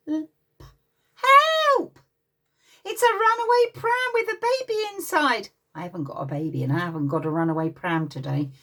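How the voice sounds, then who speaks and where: A woman's voice: on the low side, distant mic. An English woman reads a picture book to little children, her voice rising and falling a great deal as she tells the story. She keeps breaking off to talk with her listeners. She sits a little back from the microphone. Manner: lively, expressive, pauses to talk to the children. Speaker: playgroup leader reading to children. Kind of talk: read-aloud storytime for young children.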